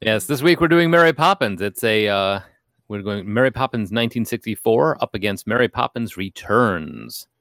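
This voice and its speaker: A man's voice: fairly low pitch, animated, moderate pace, a bit bright, dry recording, clean studio sound. A man hosting a casual podcast chat, jokey and swearing now and then as he leads the show. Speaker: podcast host.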